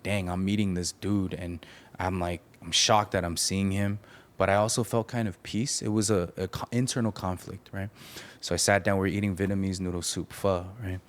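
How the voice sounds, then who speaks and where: A man with a deep, low voice shares a deeply personal story in conversation. He talks candidly and haltingly, restarting his sentences as he reflects. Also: fairly even intonation. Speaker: podcast guest. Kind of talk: emotional storytelling.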